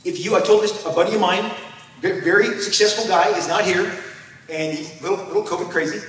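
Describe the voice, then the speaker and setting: Animated storyteller, man in his fifties, high voice, far from the mic in a big echoey hall. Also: a little fast, a little hiss or hum. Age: 50s. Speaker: comic creator, panel guest. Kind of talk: convention panel talk. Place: large convention hall.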